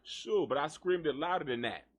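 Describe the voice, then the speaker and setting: A man hosting a live gossip show, joking and cursing in an animated, mocking way. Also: on the high side, normal speed. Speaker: host. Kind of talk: live gossip radio talk.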